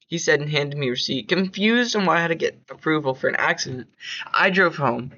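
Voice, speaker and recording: A man's voice: on the high side, animated, fairly quick, bright, forceful tone, lo-fi sound. A man narrating his own horror story in an amateur reading, with slips and restarts.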